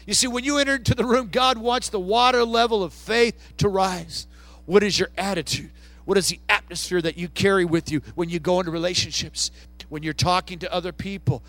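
A middle-aged man preaching a sermon as pastor, swinging between soft and loud with passion. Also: high voice, no room sound.

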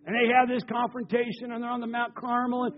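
A high-pitched man delivers a sermon, telling stories with lively shifts between loud passages and quiet ones. The recording is dull and lo-fi, with faint music underneath. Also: fast talker, long reverb tail. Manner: animated storytelling, swinging between loud and hushed. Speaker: preacher.

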